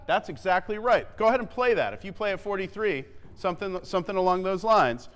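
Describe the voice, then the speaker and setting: A man coaching a wind band in rehearsal, giving quick feedback, singing melodic lines on syllables and counting the players in. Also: high-pitched, expressive, a bit bright. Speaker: band clinician. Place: large theatre stage. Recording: echoey hall, long reverb.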